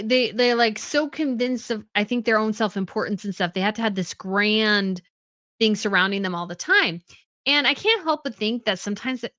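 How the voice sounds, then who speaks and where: A woman's voice: medium pitch, a bit bright, no echo. A woman hosting a livestream, chatting casually as she reads out viewer comments, sounding a bit tired, with fillers and little laughs. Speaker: host.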